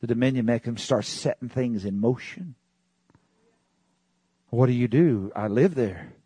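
A man preaching a sermon in an animated way, often jumping up into high excited exclamations. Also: a little slow, slightly rough, no room sound.

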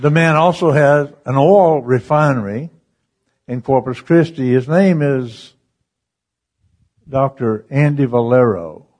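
A man preaching a sermon through a story, animated and chuckling between lines as he acts out the voices. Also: mid-range voice, takes it slowly.

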